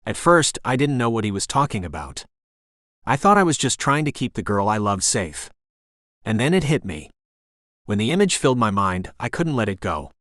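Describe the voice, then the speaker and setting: A man narrating a first-person romance audiobook in an earnest, emotional, soft-spoken way. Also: fairly low pitch, sing-song, a little fast, no echo, studio quality.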